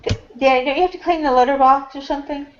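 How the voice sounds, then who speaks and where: A woman's voice: high voice, fast, slight background noise. A woman hosting a casual voice chat, blunt and teasing with the others. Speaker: host. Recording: dull lo-fi online voice chat.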